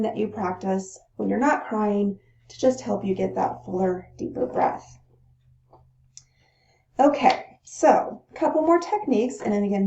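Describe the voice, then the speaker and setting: A woman teaching breathing techniques in a calm, instructional way, pausing to demonstrate the breaths. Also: medium pitch, creaky. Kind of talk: gentle instructional talk. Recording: roomy, dull lo-fi sound.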